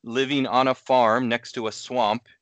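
A man's voice: medium pitch, little pitch movement, a little slow, fairly bright tone, no room sound. Man, podcast co-host, casual rambling chat, dry close sound. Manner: rambling, many fillers and laughs.

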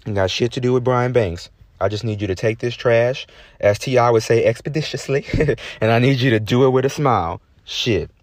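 A young man hosting his podcast, telling a story in a profane, sassy, animated rant. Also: mid-range voice, normal speed, dry recording, clean studio sound. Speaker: podcast host. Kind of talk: casual ranting monologue.

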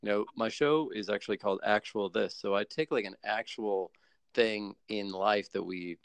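An American man chatting as a podcast guest, animated and laughing often, with lots of fillers and restarts. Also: on the low side, moderate pace, vocal fry, dry recording. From United States. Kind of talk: casual chat.

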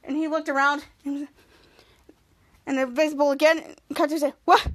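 A woman's voice: sits high, flat delivery, moderate pace. A woman hosting a podcast, casually recapping a TV episode scene by scene, rambling with frequent restarts. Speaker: podcast host.

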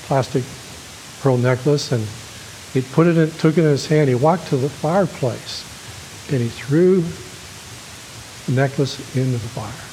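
A man preaching a sermon, telling a story in a gentle storytelling manner that rises with emotion. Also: medium pitch, measured pace, long pauses, slight background noise, rough recording. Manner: gentle storytelling, rising with emotion at quoted lines. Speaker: pastor.

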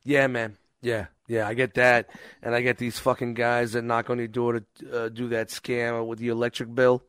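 A man chatting casually on a podcast, blunt and profane, telling animated stories. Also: mid-range voice, normal speed, clear, resonant tone, no echo. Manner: blunt, swears constantly, animated storytelling.

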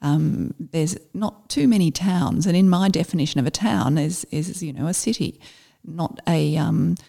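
A middle-aged woman recounts her army days in a relaxed, conversational way. Her voice sits low and gravelly with a warm, mellow tone. She talks haltingly, with plenty of fillers and restarts. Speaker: former army officer telling a story. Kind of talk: conversational storytelling.

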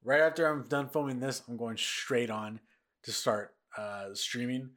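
A man's voice: medium pitch, steady tone, unhurried, a bit bright. A man hosting a casual podcast, talking in a rambling way with lots of restarts and repeats, tired and yawning. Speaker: podcast host. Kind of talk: casual news chat.

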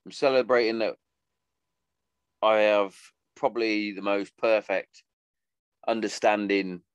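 A man's voice: fairly low pitch, steady tone, slow pace, clean tone, no room sound, muffled recording. Sweary man rambling on a podcast. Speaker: podcast host. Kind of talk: casual monologue.

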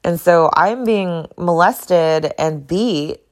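A woman's voice: lowish voice, takes it slowly. A woman talking bluntly and outspokenly in a casual personal monologue, swearing freely. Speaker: vlogger.

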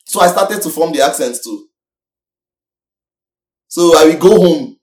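A young man from Nigeria, preaching a sermon in an animated, exhorting way with sudden swings in pitch and loudness. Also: measured pace. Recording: roomy echo, mic from far off.

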